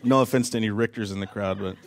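A man's voice: fairly low pitch, steady tone, fast, vocal fry, some chatter behind. A man doing a stand-up comedy set on a live stage, telling rambling stories and often laughing at his own jokes.

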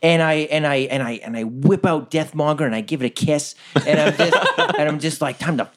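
Excitable man playing a tabletop game. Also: fairly high pitch, a little fast, a little hiss or hum. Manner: excitable, profane, laughing. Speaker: player. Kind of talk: tabletop role-play.

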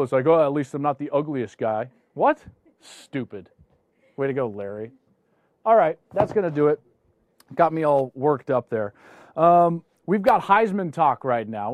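Ranting, lively sports host man. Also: on the high side, no room sound. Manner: mock-indignant ranting at viewers. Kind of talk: animated sports talk.

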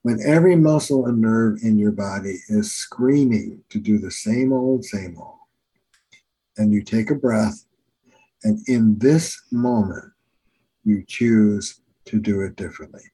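A man's voice: lowish voice, unhurried, mellow, husky, rough recording. An older man, a family therapist, telling case stories in an earnest, emphatic teaching manner. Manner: earnest, emphatic teacher repeating key phrases. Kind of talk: storytelling in a podcast interview.

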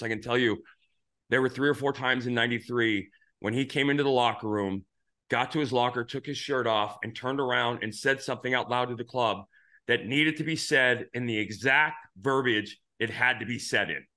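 Bright-voiced rambling baseball talk host. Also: male voice, mid-range voice, normal speed. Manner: rambling, frequent restarts. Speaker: podcast host, former pitcher. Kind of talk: casual sports talk.

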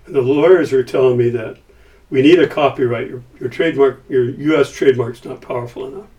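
An older man spins a story in casual conversation, slipping into the voices of the people he quotes. His voice sits at an ordinary pitch and comes across from slightly off the microphone. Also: fairly quick, distant mic, muffled recording. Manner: animated storyteller acting out quoted dialogue. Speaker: guest.

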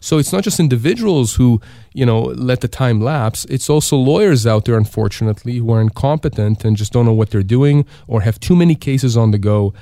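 A man's voice: mid-range voice, fairly quick, mellow, dry recording, clean studio sound. A middle-aged man, a lawyer from Canada, giving emphatic advice on a radio talk show and asking himself questions to drive points home. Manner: emphatic, repeats rhetorical questions. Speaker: disability insurance lawyer, guest.

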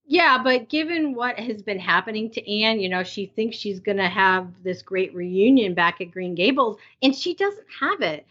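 Husky middle-aged woman cohost, kinda high voice, chatty w fillers, dull lo-fi audio. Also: animated, normal speed, hardly any pauses, a bit bright. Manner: conversational, many fillers. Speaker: podcast co-host. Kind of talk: casual recap chat. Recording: dull lo-fi sound.

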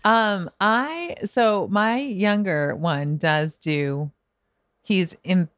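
A woman's voice: medium pitch, very slow, clear, resonant tone, no echo, clean studio sound. A woman guest on a podcast, talking casually and acting out her own worries with laughter. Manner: animated, laughing, acts out her own panic. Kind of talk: casual chat.

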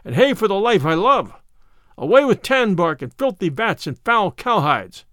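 A man reads aloud as a brawny storybook tanner, overjoyed and loud with excitement, his voice leaping up and down. The sound is dry and close. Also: high voice, moderate pace, no room sound. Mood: joyful. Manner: joyful, exclaiming. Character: joyful brawny male tanner joining outlaws.

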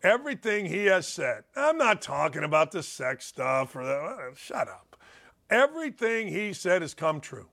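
A man's voice: sits high, very animated, moderate pace, gravelly, few pauses, bright, forceful tone. A man calling in to a talk show with a heated, profane and sarcastic rant. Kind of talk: angry call-in rant.

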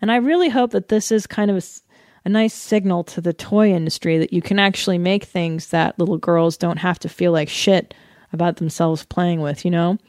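A woman in her thirties from the United States, hosting a solo podcast in a casual, animated rant full of swearing and laughter. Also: fairly low pitch, moderate pace, no room sound, studio quality. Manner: animated, profane, laughing often. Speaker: podcast host.

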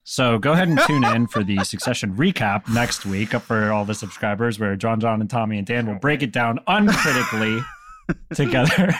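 A man's voice: mid-range voice, normal speed, a bit bright. A man co-hosting a podcast, defending his opinion in wry, casual banter. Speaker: podcast co-host.

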